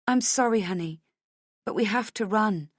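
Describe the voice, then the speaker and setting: Woman voicing a frantic hunted young wife, audiobook, high urgent pleading voice, dry close sound. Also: moderate pace, no room sound, close to an everyday voice. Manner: urgent, pleading, rising to shouts.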